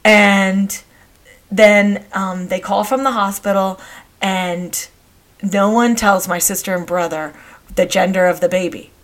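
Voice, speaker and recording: A middle-aged woman hosting a podcast, telling family stories in a chatty, meandering way with frequent pauses and restarts. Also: medium pitch, fairly even intonation. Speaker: podcast host. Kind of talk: casual storytelling monologue.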